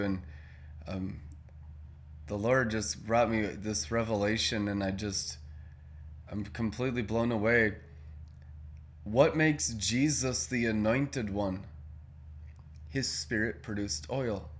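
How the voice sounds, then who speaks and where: A man speaking slowly and earnestly, sharing a spiritual insight with a group. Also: on the low side, steady tone.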